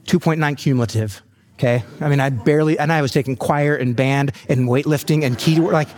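A man's voice: mid-range voice, fast, a crowd in the background. Pastor guy sharing his story from the pulpit, jokey and self-deprecating, chatty asides. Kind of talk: sermon testimony.

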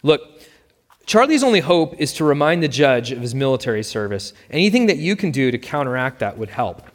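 A man's voice: medium pitch, sing-song, fairly quick, lightly acted. A man plays an attorney who is offhand at first, then careful and hesitant with his words, lifted a little above the narration. Long hall reverb trails every line. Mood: measured.

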